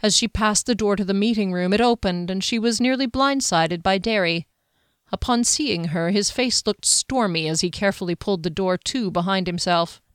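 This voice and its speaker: A woman reads a fantasy novel aloud in a steady, even storytelling manner. Her voice is smooth and resonant, caught close on a studio mic. The sound is dry, with no room around it. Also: mid-range voice, normal speed, no echo. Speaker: audiobook narrator. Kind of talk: scripted fantasy narration.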